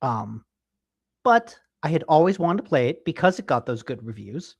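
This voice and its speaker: A man's voice: fairly high pitch, big pitch swings, moderate pace, creaky, husky, no echo. Rambling, teasing man on a dry mic. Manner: rambling, teasing, filler-heavy. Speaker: podcast co-host. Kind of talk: casual chat. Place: home office.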